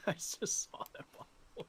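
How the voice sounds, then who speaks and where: A man's voice: measured pace, fairly bright tone. A man co-streaming a game and trading dry, teasing banter. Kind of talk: casual gaming stream chat.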